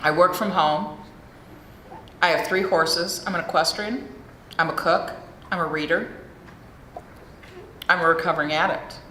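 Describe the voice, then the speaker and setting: A middle-aged American woman with a fairly low, pushed and bright voice speaks a little slowly and pauses often. Her recovery talk at the meeting is candid and laced with profanity, delivered into a podium mic in a large hall that's echoey with faint room noise.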